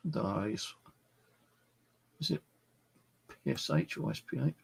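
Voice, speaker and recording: Male vlogger, gravelly husky voice, slow and puzzled, streaming from his flat. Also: lowish voice. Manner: puzzled, keeps asking what a recording says. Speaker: paranormal vlogger. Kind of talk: live-stream commentary.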